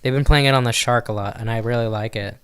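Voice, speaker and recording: A man's voice: mid-range voice, steady tone, fast talker, smooth. A man co-hosting a casual podcast, opinionated and breaking into bits of song as he talks. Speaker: podcast co-host. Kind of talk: casual chat.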